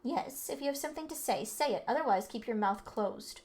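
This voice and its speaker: A woman's voice: a little high, lively intonation, brisk, a little mellow. A woman reading an arrogant, cold rich teenage heir, speaking haughtily and condescendingly. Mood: haughty. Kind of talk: reading game dialogue aloud.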